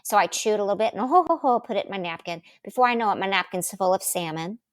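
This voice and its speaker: Middle-aged woman guest, animated storyteller, big pitch leaps, dry close sound. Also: fast talker, dry recording. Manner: lively, acts out quotes with big pitch jumps.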